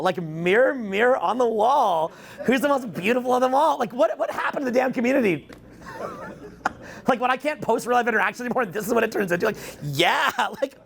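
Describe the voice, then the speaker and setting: A man in his forties giving a crude, joking talk on stage to a live audience, rambling fast and breaking into mock voices and shouts. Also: very high voice, gravelly, breathy edge. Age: 40s. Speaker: dating coach speaking to a live audience. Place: event hall with an audience.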